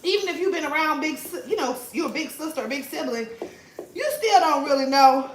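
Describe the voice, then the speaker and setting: A young woman with a high voice chats through a home cooking vlog, swearing freely and laughing often. Her volume jumps from loud bursts to near mutters. The kitchen rings with echo, with a faint hiss of noise behind her. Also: lively intonation, brisk. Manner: chatty, profane, laughs often, swings loud and soft. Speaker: vlogger. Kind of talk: casual cooking vlog chat. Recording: echoey room, faint noise.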